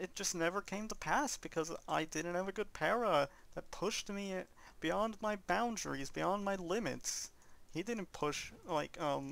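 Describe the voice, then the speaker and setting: Young male gamer, high voice with fry, earnest and rambling, casual commentary. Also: a bit bright. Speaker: let's play commentator. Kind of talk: casual gaming commentary chat.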